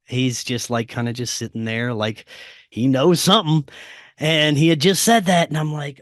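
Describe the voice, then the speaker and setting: A man, a podcast guest, telling a personal story casually, dropping to a quieter voice when he quotes what was said. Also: medium pitch, unhurried, no room sound, clean studio sound. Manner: acts out quoted dialogue in a quieter voice; frequent fillers and restarts, animated retelling.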